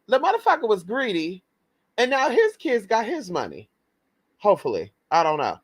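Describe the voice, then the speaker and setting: A man telling a story in a sassy, profane, dramatic way, jumping into high quoted voices. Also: wildly swooping pitch, moderate pace, a bit bright, slightly rough, no room sound. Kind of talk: casual storytime monologue.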